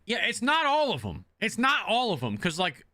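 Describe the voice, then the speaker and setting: A man's voice: sits high, huge pitch swings, normal speed, sharp tone. A man originally from the Northeastern US chatting casually while streaming a game, blunt and profane and prone to rambling.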